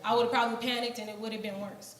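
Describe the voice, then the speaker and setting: A woman's voice: on the high side, level tone, fast talker. A young woman giving an earnest church testimony about her mission trip, telling her story with many fillers. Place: church hall. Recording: echoey hall, faint noise.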